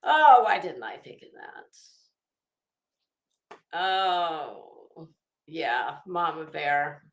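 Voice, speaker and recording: A woman's voice: low-pitched, very animated, drawn-out words, roomy sound. A tired, worn-out woman hosting a livestream in casual chat, reading comments and rambling with trailing thoughts. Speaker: livestream host.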